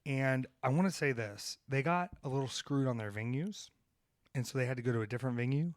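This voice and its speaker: A man who is a professional wrestler co-hosting a podcast, ranting with heavy swearing, then telling road stories, his loudness swinging between shouted emphasis and hushed asides. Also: medium pitch, brisk, no room sound. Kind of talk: fired-up rant, then casual storytelling.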